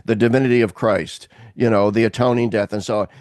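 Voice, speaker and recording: A man's voice: fairly low pitch, fairly even intonation, fast, darkish tone, dry recording, studio quality. A man hosting a conversation, speaking emphatically and breaking in with agreement. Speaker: host. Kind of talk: casual conversation.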